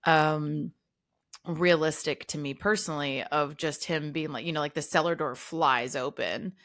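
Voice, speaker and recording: A woman with a low-pitched voice co-hosting a casual film-chat podcast. Her tone is bright and forceful, and she gets animated, acting out lines from films and swearing freely as she talks. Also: unhurried. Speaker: podcast co-host.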